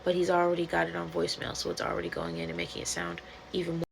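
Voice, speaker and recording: Gravelly-voiced woman, animated storytime rant. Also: on the low side, fast talker, slight background noise, low-quality recording. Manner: animated, swearing, acting out quotes. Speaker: vlogger retelling a webtoon.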